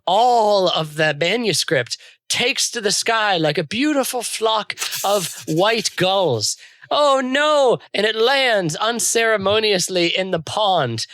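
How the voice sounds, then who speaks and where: A man's voice: sits high, lively intonation, slow pace, fairly bright tone, dry recording. A man telling an improvised comic version of a film on a podcast, playful and theatrical, laughing often. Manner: playful, giggly, theatrical narration. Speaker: podcast co-host. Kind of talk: improvised comedic storytelling.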